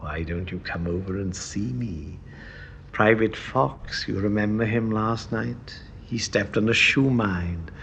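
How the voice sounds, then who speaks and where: A man voicing a sultry woman radio propagandist who speaks in a deep seductive purr. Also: slow, a bit bright, a little hiss or hum, heavily acted. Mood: teasing. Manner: low breathy seductive purr.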